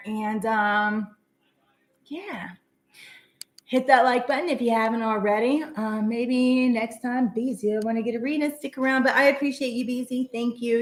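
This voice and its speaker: A woman's voice: a little high, a bit bright. A woman hosting a live tarot reading stream, talking casually and rambling with lots of fillers. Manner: chatty, rambling, many fillers. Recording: echoey room.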